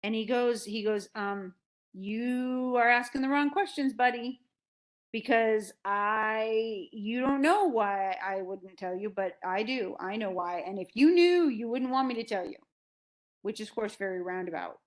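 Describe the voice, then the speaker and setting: A literature instructor lectures on a classic play, casually retelling scenes and acting out the characters' lines in everyday language. She has a fairly high voice and speaks a little slowly.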